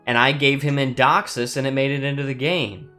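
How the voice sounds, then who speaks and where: Male co-player, Midland American accent, easygoing and chatty, mid pitch, game music underneath. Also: fairly even intonation, a little fast, sharp tone. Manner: easygoing, corrective, laughs often. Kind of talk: casual chat while gaming.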